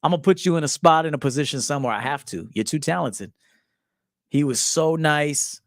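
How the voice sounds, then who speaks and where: A man in his forties, a men's life coach, telling stories in a profane, animated casual monologue, acting out quotes. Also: fairly high pitch, brisk, dry recording, studio quality. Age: 40s. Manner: profane, animated storytelling with acted quotes and laughs.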